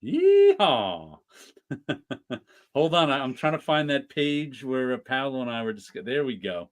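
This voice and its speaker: A man's voice: medium pitch, fairly even intonation, fairly quick, fairly bright tone, no echo. A man hosting a casual podcast chat about comics, talkative, laughing often and teasing his guests. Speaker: podcast host.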